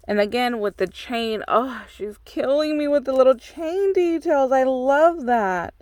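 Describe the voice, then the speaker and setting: A woman's voice: sits high, lively intonation, measured pace, few pauses, a little mellow, no echo. A woman hosting a craft channel, opening a swap package and gushing over every piece with constant exclamations. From United States. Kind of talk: excited unboxing chat.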